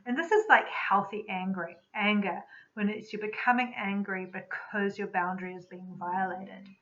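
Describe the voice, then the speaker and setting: A woman who works as an energy medicine practitioner, giving a spoken teaching talk in a calm, reflective, unhurried way. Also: mid-range voice. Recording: slightly dull lo-fi recording.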